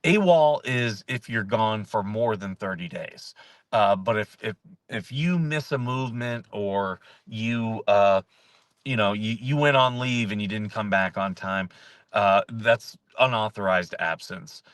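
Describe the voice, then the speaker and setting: A man's voice: lowish voice, a bit bright, no room sound. A middle-aged man hosting a casual talk show, telling stories in a loose conversational way with frequent restarts. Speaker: host.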